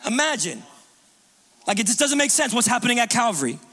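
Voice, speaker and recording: A man preaching a sermon in a church, conversational and animated, with lots of restarts and casual fillers. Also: very high voice, racing. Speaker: pastor. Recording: long reverb of a large room.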